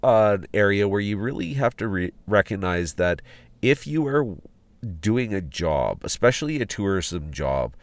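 A man's voice: fairly low pitch, very animated, unhurried, no room sound. A man hosting a podcast, recounting a road trip in a rambling, casual way with restarts and fillers. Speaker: podcast host. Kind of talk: casual spoken travel log. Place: outdoors at a ghost town site.

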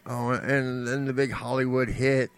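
A man's voice: mid-range voice, level tone, a little slow, clean tone, soft background music. A man co-hosting a podcast in casual chat, joking and rambling, often slipping into mock voices for laughs. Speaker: podcast co-host.

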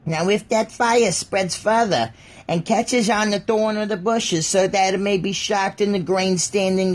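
A woman's voice: medium pitch, a little mellow. A woman casually reading scripture aloud on a livestream, breaking off to joke and riff on the text to her chat. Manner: jokey, reads aloud then riffs and mocks the text.

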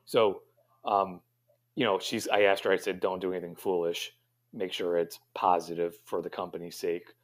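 A man's voice: low-pitched, level tone, normal speed. A middle-aged man, a pastry chef guest, answering interview questions in a rambling, reflective way with many fillers and restarts.

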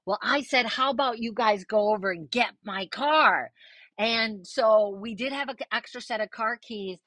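A middle-aged woman tells a wild personal story on her podcast in a casual, animated way, cursing freely and playing out what people said. Her voice is bright and sharp, recorded close and dry with no room sound. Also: fairly high pitch, a little slow, no room sound. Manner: animated, swears freely, acts out quoted voices.

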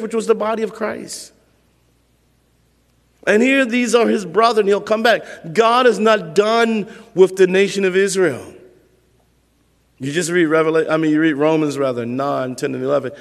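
A man's voice: high voice, normal speed, big-room sound. A male pastor preaching a sermon in a conversational way, repeating points for emphasis.

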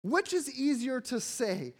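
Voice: high-pitched, a little slow. A preacher delivering a casual, conversational sermon. They read a scripture passage and then talk it through, restarting and repeating words as they build each point. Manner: conversational, animated preaching with frequent repetitions; reads scripture aloud, then explains it. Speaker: pastor.

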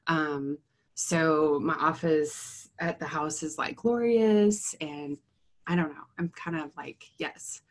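A woman's voice: sits low, takes it slowly. A young adult woman, a therapist, chatting casually and rambling through a story, laughing often. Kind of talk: casual chat.

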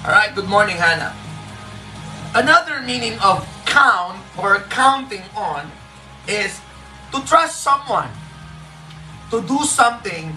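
A devotional preacher with a Filipino accent, giving a live morning sermon slowly and emphatically and repeating key phrases. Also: mid-range voice, expressive, sharp tone, faint music behind, low-quality recording. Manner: slow and emphatic, repeats key phrases, switches between English and Tagalog.

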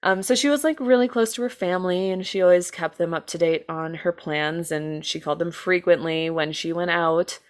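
A young woman with a somewhat low voice tells a true crime story on a podcast. She talks casually and chattily, with lots of "like" and the odd laugh. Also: normal speed, few pauses. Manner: chatty, many "like"s, laughs often. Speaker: podcast co-host telling a true crime case.

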